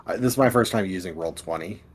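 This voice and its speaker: A man's voice: low-pitched, fast, a little hiss or hum. A man chatting casually as a player in a tabletop game, laid-back and plain-spoken.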